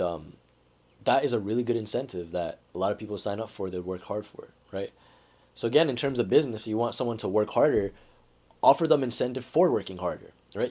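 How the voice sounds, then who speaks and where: A man's voice: fairly low pitch, a little mellow. A man talking casually to camera and explaining persuasion ideas. He keeps checking in with "right?" and fills his talk with "like.". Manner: conversational, says "right?" and "like" often. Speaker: self-help vlogger.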